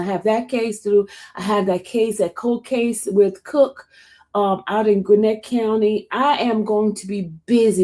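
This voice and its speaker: A woman hosting a casual livestream, chatting and answering viewer comments in an expressive way. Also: lowish voice. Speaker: livestream host covering court cases. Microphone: streaming setup.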